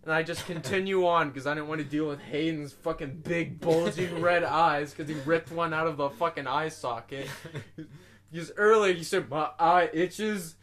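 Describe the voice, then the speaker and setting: Bright-voiced young man rambling through a story. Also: a little high, moderate pace. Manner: rambling, swears constantly, laughs at own story. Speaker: podcast co-host. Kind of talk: casual storytelling.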